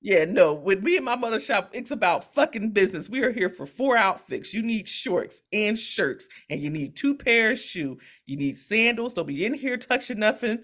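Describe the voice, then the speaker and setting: Animated, profane woman telling stories. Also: medium pitch, normal speed, few pauses. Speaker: podcast co-host. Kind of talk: casual chat.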